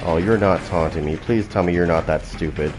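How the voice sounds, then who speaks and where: A man's voice: sits low, fairly quick, background noise. A man giving profane, trash-talking commentary while playing a video game, taunting opponents. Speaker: gaming channel host. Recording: loud game sounds behind.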